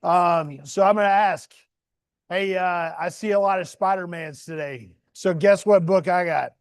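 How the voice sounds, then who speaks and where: Sitting high and moving a little slowly, his smooth voice carries a Southern US country accent. He's a guest reader talking casually to a group of kids, folksy and friendly, full of fillers. The sound is clean studio audio with no echo.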